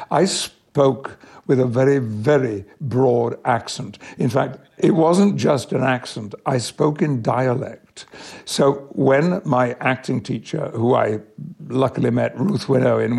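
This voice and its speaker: Gravelly, husky older man. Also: medium pitch, a little mellow. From Yorkshire, England. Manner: measured storytelling with small restarts. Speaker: actor, interview guest. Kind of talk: anecdotal interview answers.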